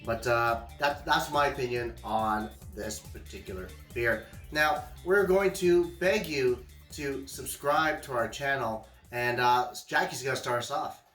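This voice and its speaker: A man's voice: medium pitch, measured pace, few pauses, reverberant, soft background music. A man hosting a casual beer-tasting show, joking and leading the talk. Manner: joking, animated, leads the segments. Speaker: podcast host. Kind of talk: casual chat.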